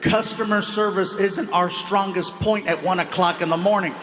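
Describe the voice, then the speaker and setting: A man doing a stand-up comedy routine on stage, telling an animated story. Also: sits high, normal speed, in a large hall. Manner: storytelling, animated, slips into voices. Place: on stage before a live audience. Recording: noisy live comedy club recording.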